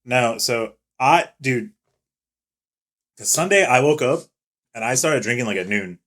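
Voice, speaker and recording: On a casual podcast he co-hosts, a young man with a mid-range voice speaks at a measured pace. He swaps profane stories, swearing freely and reenacting others' words with quoted voices.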